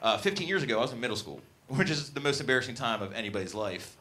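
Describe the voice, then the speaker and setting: A man in his late twenties doing a stand-up comedy set on a club stage, working the crowd in a loud, upbeat way. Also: medium pitch, very animated, racing.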